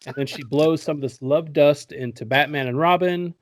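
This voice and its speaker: A man's voice: a little high, unhurried, long pauses, a little hiss or hum. A man hosting a casual podcast, recapping a movie in a joking, profane way and laughing often. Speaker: podcast host.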